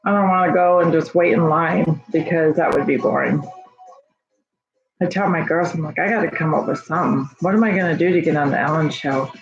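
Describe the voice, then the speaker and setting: A woman's voice: sits low, a little fast. A woman in her fifties from Idaho, chatting and pleading straight to a talk show host in a self-made phone video. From Idaho, USA. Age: 50s. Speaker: fan making a video appeal. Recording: echoey, dull home phone video with music.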